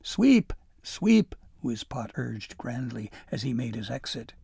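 A man narrating a storybook chapter in a gentle storytelling manner. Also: medium pitch, little pitch movement, normal speed, vocal fry, breathy edge, no room sound, studio quality.

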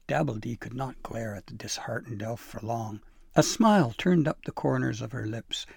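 Creaky-voiced man reading a storybook. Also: medium pitch, darkish tone, dry recording, clean studio sound. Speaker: narrator.

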